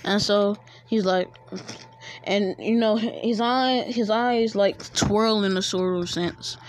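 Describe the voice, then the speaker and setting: A woman's voice: mid-range voice, takes it slowly, a little hiss or hum. A woman casually telling a made-up fan story, rambling and slangy with many fillers.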